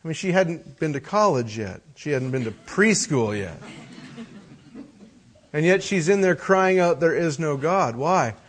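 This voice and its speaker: A middle-aged male pastor with a fairly high voice delivers a sermon. He swings between quiet, hushed prayer and loud, animated storytelling. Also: a little slow, husky.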